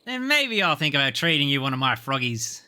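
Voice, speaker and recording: A man's voice: high-pitched, sing-song, moderate pace, pushed and bright, pitched above the performer's own voice, heavily acted. A man putting on a brash rustic scamp. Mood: cunning. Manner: rustic slangy swagger, wheedling and brash. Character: scruffy cocky young frog-keeping boy.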